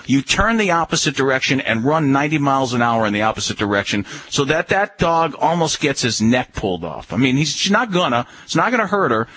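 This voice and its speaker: A husky-voiced man gives firm, step-by-step dog-training advice on a call-in radio show. He talks in an instructive way and drives his points home by repeating key words. The sound is dry and close, with little room around it. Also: medium pitch, sing-song, fairly quick, hardly any pauses, fairly bright tone, no echo, low-quality recording.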